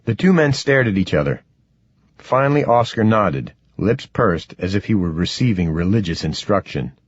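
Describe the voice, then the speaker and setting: Male audiobook narrator, low, husky, lively reading, dull dry recording. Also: moderate pace, no room sound. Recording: dull, dry, slightly muffled.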